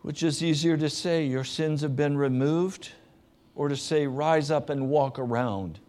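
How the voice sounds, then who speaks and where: A middle-aged male pastor preaching with a slow, deliberate pace. His voice sits a little high, and he often drops into a soft, low register. The delivery is earnest. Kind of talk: sermon.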